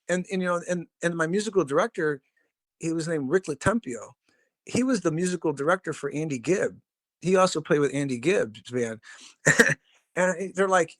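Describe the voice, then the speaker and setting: A man's voice: a little high, normal speed, fairly bright tone, no echo, clean studio sound. A middle-aged man, a drummer and podcast guest, telling stories casually in a rambling, profane, laid-back way with lots of fillers. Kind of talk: casual storytelling.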